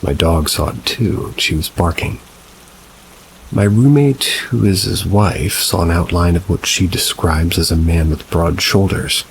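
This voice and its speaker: Male narrator, deep and unhurried, scripted story reading over steady rain. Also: a little hiss or hum, poor audio. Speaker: narrator of reader stories.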